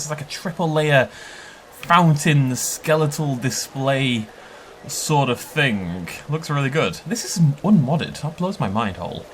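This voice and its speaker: A man giving an excitable, chatty tour of a park built in a game, laughing often as he goes. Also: mid-range voice, measured pace, a little hiss or hum. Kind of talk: casual gameplay commentary.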